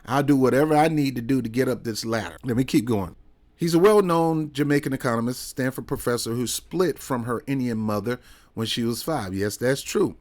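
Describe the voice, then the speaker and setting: A man's voice: medium pitch, brisk, darkish tone. A man giving casual political commentary in a heated, rambling way, full of sarcastic asides and repeated questions.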